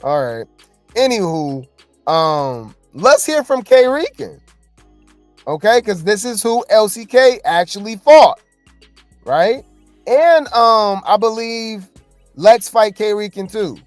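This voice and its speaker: A woman hosts casual reality-TV gossip commentary, chatty and skeptical as she talks straight to her viewers. Her pitch swings widely from line to line. The sound is dry and close, with nothing of the room in it. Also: expressive, takes it slowly, a little mellow, dry recording, soft background music.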